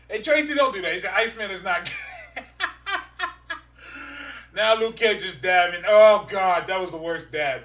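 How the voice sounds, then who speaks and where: A man co-hosting a casual podcast, mocking and exclaiming loudly, laughing often as he rants about comic books. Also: sits high, expressive, measured pace, echoey room, recorded from a distance. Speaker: podcast co-host.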